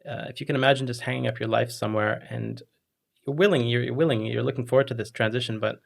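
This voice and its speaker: A man hosting a podcast interview, speaking with a halting, thinking-aloud manner and a non-Australian accent. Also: medium pitch, vocal fry. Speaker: podcast host. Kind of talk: interview chat.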